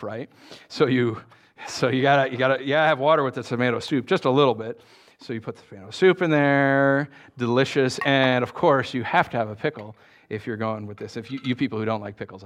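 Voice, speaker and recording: A man preaching a sermon as pastor, telling jokey stories and asking the congregation questions. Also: mid-range voice. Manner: animated, joking storyteller who asks the congregation questions. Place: church.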